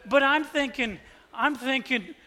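A male pastor telling a story in a sermon, animated, swinging from hushed asides to shouts. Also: extremely high pitch, measured pace.

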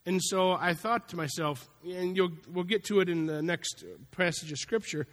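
Guy preaching, kinda high voice, casual folksy sermon, lots of echo like a big church. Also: fairly even intonation, moderate pace, few pauses, fairly bright tone. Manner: conversational, folksy preaching with acted-out asides. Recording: long hall reverb.

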